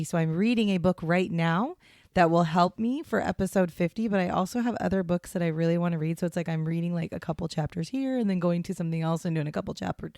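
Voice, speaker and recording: A woman's voice: on the low side, darkish tone, no room sound, studio quality. A woman co-hosting a casual true crime podcast, chatting in a rambling way with fillers, recording in a small hotel room. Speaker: podcast co-host. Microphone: headphones and portable podcast setup.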